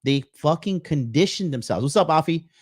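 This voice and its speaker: A man's voice: fairly high pitch, expressive, normal speed, no room sound, clean studio sound. A man hosting a live reaction stream, ranting in a profane, aggressive way and greeting chat. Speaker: streamer host.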